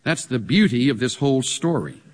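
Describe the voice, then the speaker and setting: A man preaching a sermon, animated, with pointed rhetorical questions. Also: mid-range voice, normal speed. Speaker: pastor. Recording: long hall reverb.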